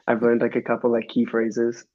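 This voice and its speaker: A man's voice: mid-range voice, completely flat delivery, unhurried, darkish tone, lo-fi sound. A man in his twenties from Minnesota, a podcast guest who talks in a loose, rambling way with many restarts. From Minnesota, USA. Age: 20s. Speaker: guest, professional soccer player. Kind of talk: casual podcast chat.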